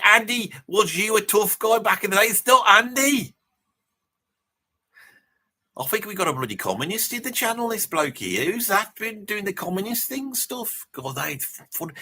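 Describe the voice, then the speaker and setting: A man's voice: sits high, sharp tone, exaggerated voice. A man putting on a brash, mouthy metalhead bloke with a Birmingham accent, blustering and rambling through a live reaction stream. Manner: blustering and rambling, swears casually, laughs at his own jokes. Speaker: livestream host in character.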